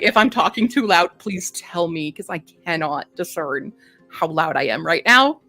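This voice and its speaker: A woman hosting a casual book stream, chatty and quick to laugh, reading book synopses aloud. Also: on the low side, animated, sharp tone, dry recording, soft background music. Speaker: book reviewer host.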